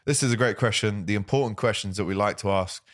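A man's voice: lowish voice, quick pace, dry recording, studio quality. A man hosting a casual live stream, chatting with a guest and reading out viewer comments in a jokey way. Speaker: host.

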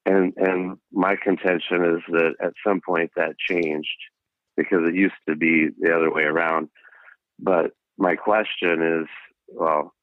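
A man's voice: deep voice, no echo. A man calling in to a talk show, talking hesitantly with lots of fillers. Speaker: caller. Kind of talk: phone call-in. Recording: tinny phone line.

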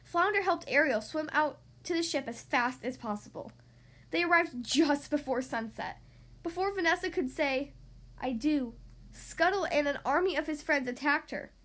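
A woman narrating a children's storybook aloud, steady with small stumbles. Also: high-pitched, moderate pace. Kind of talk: storybook reading.

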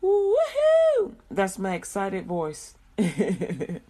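A woman hosts a Christian radio show. She stretches out slow, heartfelt prayers, then slips into easy, chatty talk with plenty of laughter. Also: on the low side. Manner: chatty, laughs often, drawn-out prayer phrases.

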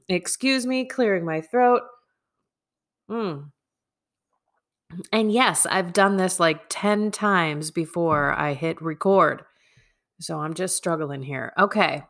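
A woman's voice: medium pitch, a bit bright. A woman hosting a podcast with a stuffy nose and a phlegmy voice, chatting in a rambling, self-deprecating way about prayer practice. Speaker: podcast host. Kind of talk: casual spiritual talk. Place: home room.

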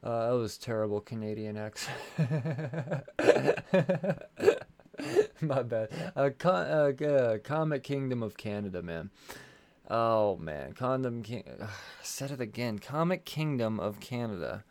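A man's voice: mid-range voice, big pitch swings, slow pace, long pauses, darkish tone. A man hosting a podcast, reading sponsor ads in a loose, rambling way, swearing and tripping over his words. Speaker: podcast host. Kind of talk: casual solo podcast ad read.

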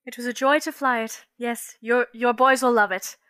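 High, bright woman player. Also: normal speed, clear, resonant tone, dry recording. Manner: bold, animated. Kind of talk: tabletop role-play.

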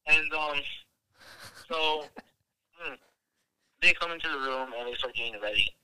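A man's voice: fairly high pitch, measured pace, sharp tone, clear, resonant tone, poor audio. A young man from Wisconsin telling a long, profane story in a rambling, casual way, full of filler words. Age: young adult. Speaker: podcast guest telling a story.

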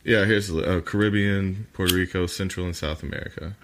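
A man's voice: low-pitched, steady tone, fairly quick, background noise. A man co-hosting a casual podcast chat, laid-back and swearing freely, laughing as he stumbles through reading aloud. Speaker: podcast co-host.

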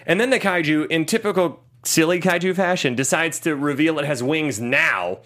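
A man's voice: a little high, moderate pace, a bit bright. A man casually recapping a movie with a friend, swearing and acting out characters' lines. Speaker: podcast co-host.

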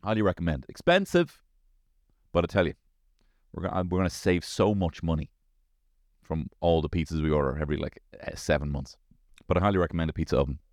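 A man with a Dublin Irish accent tells comic stories in a casual, animated monologue, his low voice leaping up and down as he goes. He swears freely and keeps checking in with the listener. The sound is close and dry. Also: brisk, long pauses, no echo. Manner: animated storytelling, swears freely, lots of tag questions.

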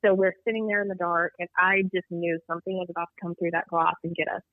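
A woman guest telling an eerie personal story in an animated, rambling way, acting out what people said. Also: on the low side, fast. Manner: animated, rambling storyteller who acts out dialogue. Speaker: guest telling a Bigfoot encounter. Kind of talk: storytelling on a call-in interview. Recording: tinny dry phone line.

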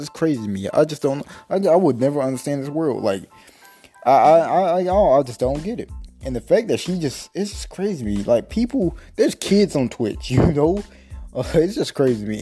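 A man's voice: medium pitch, dark tone, breathy edge. A man hosting a podcast, ranting in a casual, slangy way and often repeating himself for emphasis. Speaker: podcast host. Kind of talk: casual rant.

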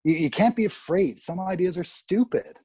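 Man, Canadian, middle-aged, husky voice, dry close recording, candid, animated, swears freely, interview storytelling. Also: high voice, normal speed, no room sound. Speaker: actor guest.

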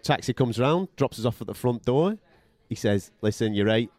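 A man's voice: mid-range voice, animated, normal speed, a little mellow, no echo. A male podcast co-host and radio boxing commentator telling a story in casual chat, blunt and profane, acting out other people's voices as he goes.

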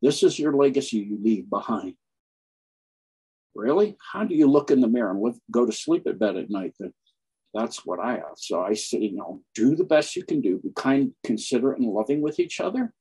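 A man's voice: medium pitch, very animated, fairly quick, mellow, slightly rough, poor audio. A man speaking as a guest in an impassioned, preachy monologue, pressing his points with emphasis. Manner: preachy, emphatic, keeps acting out quoted people. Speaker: guest on online channels.

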